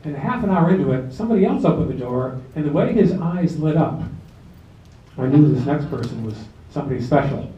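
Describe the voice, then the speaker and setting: A man leading a memorial gathering, speaking in a relaxed, folksy way with light jokes and fillers, addressing a seated crowd in a club hall. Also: a little high, fairly quick. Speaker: officiant of a memorial service. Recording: roomy, distant, dull amateur video.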